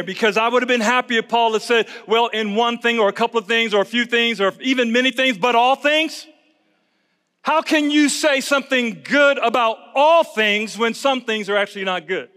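A pastor preaching a conference sermon, emphatic and repetitive, calling on the audience to repeat words back. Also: male voice, high voice, normal speed, sharp tone. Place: large conference hall. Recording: long reverb of a large hall.

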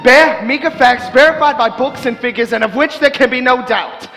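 A man's voice: very high-pitched, normal speed, bright, forceful tone, heavily acted. An actor playing a frightened young male traveler reciting his journal on a theatre stage, earnest and anxious. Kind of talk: stage monologue narration. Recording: theatre reverb with violin underscore.

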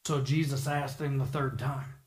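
In a mid-range voice at a moderate pace, a man preaches a sermon, telling a story and acting out the people in it with lively voices.

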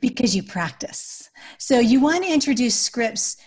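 A woman being interviewed on a podcast, explaining parenting ideas through practical examples. When she quotes phrases she would say to a child, her voice drops to a soft, calm tone. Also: on the high side, unhurried, breathy edge. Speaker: guest, adoptive parent and author.

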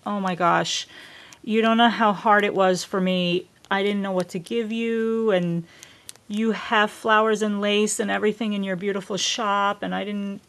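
A woman's voice: medium pitch, steady tone, normal speed, a bit bright. A woman vlogger chatting casually to the camera at home, gushing and effusive and often trailing off mid-sentence. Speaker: craft vlogger unboxing gifts.

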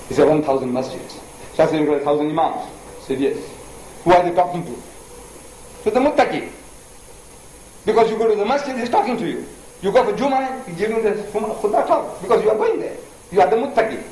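A man's voice: on the high side, a little mellow, echoey room, a little hiss or hum, poor audio. An older man from India giving a public religious lecture, telling stories with animation and putting pointed questions to his audience. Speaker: preacher.

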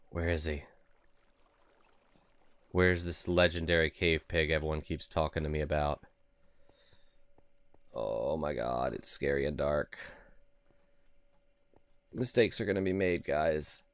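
A man giving casual, excitable let's play commentary over a survival game, yelping and laughing as things go wrong. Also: deep voice, measured pace, pauses often, smooth, dry recording. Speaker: gaming video host.

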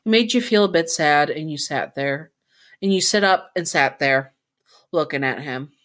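Brief: woman storyteller, casual and chatty, low voice, stops to correct herself. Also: moderate pace, fairly bright tone. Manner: chatty, self-correcting asides. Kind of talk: casual fan-fiction narration.

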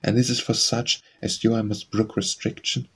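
A man reads poetry aloud for an audiobook with a low, slightly husky voice. He keeps his delivery even and unvaried, moving through the verses at a steady, measured pace. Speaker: audiobook reader. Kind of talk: poetry recitation.

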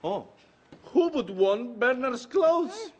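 A boisterous Argentinian neighbour. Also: male voice, very high voice, big pitch swings, slow, slight background noise, full character voice. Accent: Argentinian Spanish. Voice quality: heavily accented, emphatic. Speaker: sitcom character, neighbour. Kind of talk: scripted sitcom acting for English learners.

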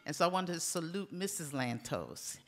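Man with a warm, rhythmic speaking cadence. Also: a little high, sing-song, normal speed. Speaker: ambassador and gala speaker. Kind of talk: formal speech with warm greetings. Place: hotel ballroom.

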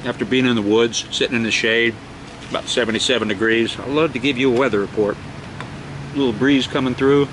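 A man's voice: medium pitch, steady tone, brisk, noisy background. A middle-aged man, chatting casually to a handheld camera for his vlog and exclaiming over his food. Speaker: outdoor vlogger.

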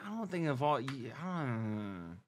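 Lively slangy man reacting out loud. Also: mid-range voice, a little slow. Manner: animated and slangy, often laughing and exclaiming. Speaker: reaction video host. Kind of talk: casual reaction commentary.

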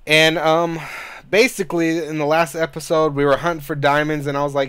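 A man's voice: fairly high pitch, little pitch movement, moderate pace, fairly bright tone, smooth. A man hosting his own gaming channel, talking through a let's-play in a frustrated, rambling way and swearing a lot. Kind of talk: casual let's-play commentary.

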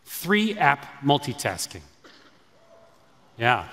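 A man giving a scripted product launch presentation on a large auditorium stage, in a polished, upbeat pitch. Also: sing-song, drawn-out words, gravelly, fairly bright tone. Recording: echoey auditorium with long reverb.

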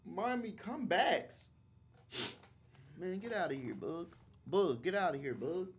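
A man streaming a football video game, trash-talking with profanity in a loose, animated way. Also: sits high, measured pace, a little hiss or hum. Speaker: gaming streamer. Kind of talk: casual gameplay commentary.

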